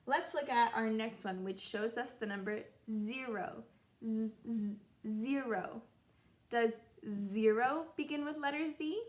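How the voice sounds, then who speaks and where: A young woman teaching a children's phonics lesson, sounding out letters in a slow, encouraging sing-song way. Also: a little high. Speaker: kindergarten teacher.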